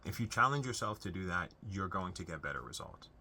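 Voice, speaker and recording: A man's voice: sits low, expressive, fairly quick, bright, forceful tone, a little hiss or hum. A young man talking earnestly to camera, giving unscripted advice on family relationships in a conversational way with frequent restarts. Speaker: self-help video host.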